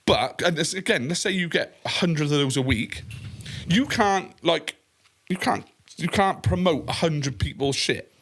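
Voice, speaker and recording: A man's voice: fairly high pitch, expressive, measured pace, fairly bright tone, a little hiss or hum. A man co-hosting a podcast, chatting casually, rambling and swearing a lot. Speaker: podcast co-host. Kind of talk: casual chat.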